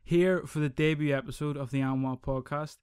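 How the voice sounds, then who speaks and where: A man's voice: a little high, fairly quick, clear, resonant tone, no echo, studio quality. A young man hosting his own podcast, ranting casually and swearing a lot. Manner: sweary, rambling, animated. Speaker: podcast host. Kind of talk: casual solo podcast rant.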